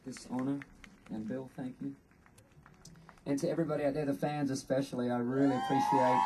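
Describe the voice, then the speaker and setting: An Australian man giving an earnest, unhurried acceptance speech at an outdoor ceremony, pausing often. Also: mid-range voice, distant mic, noisy background. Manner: earnest, unhurried, with frequent pauses. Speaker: award inductee.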